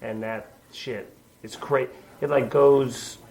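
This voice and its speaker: A man's voice: medium pitch, steady tone, slow, vocal fry, a little mellow, low-quality recording. A man from New York, a comedian guest, chatting casually in a basement with rambling, self-deprecating jokes. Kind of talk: casual chat.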